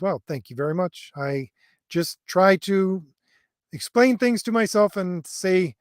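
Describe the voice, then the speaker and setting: With an expressive, slightly high voice at normal speed, a middle-aged man reads viewer comments aloud on a livestream, rambling and chuckling amid many fillers. The recording is dry and clean, with studio sound. He says others have always heard his voice as an old man's.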